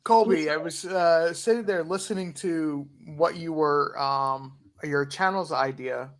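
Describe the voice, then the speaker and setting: Man, kinda high voice, earnest advice on a stream, lots of uh and um. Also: a little slow. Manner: earnest, hesitant with many fillers. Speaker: livestream participant giving advice. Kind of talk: casual advice in conversation.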